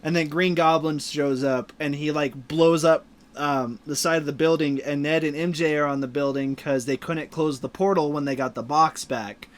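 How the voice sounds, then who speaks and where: A man's voice: fairly high pitch, steady tone, normal speed. A man hosting a casual podcast movie review, retelling scenes animatedly with lots of fillers. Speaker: podcast host.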